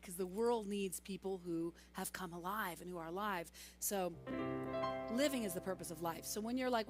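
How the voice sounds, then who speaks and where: A woman's voice: on the low side, normal speed. A singer-songwriter woman telling chatty stories between songs at a live concert in a church. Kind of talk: live concert with stage banter. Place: church sanctuary, live performance. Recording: live music mixed with voice. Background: instrumental music.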